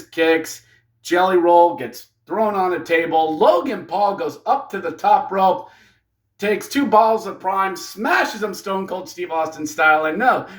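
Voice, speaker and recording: A man giving a casual, jokey wrestling review, getting excitable and acting out what the wrestlers say. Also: on the high side.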